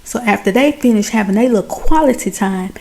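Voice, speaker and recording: A woman giving a chatty, animated recap of a TV drama, talking straight to her viewers. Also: fairly high pitch, fairly quick. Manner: chatty, addresses viewers as y'all and baby; animated, exclaims over plot twists. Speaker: TV show recapper.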